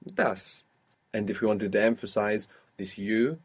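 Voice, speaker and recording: A man's voice: lowish voice, expressive, a little slow, breathy edge. A man teaching an audio language lesson, patiently prompting his student step by step.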